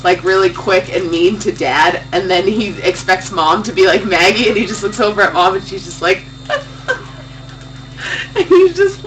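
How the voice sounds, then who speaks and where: A young woman tells crude, teasing family stories in a loose, animated way. She sits away from the mic, so her voice sounds distant. A faint hum runs under her. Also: mid-range voice, normal speed. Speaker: streamer's sister. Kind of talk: casual chat.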